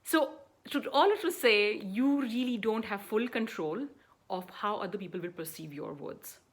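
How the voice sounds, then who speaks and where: A woman's voice: medium pitch, animated, unhurried, breathy edge. A woman life coach giving an earnest motivational talk, often checking in with "right?" and "you know", sometimes restarting mid-phrase.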